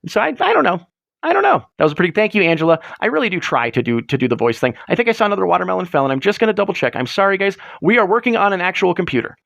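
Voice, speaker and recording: A man chatting on a live stream, rambling and sarcastic, and quick to get excited. His fairly high voice swings up and down a lot, and it sounds dry and close. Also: vocal fry, dry recording, dull audio. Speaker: livestream host. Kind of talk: casual live-stream chat.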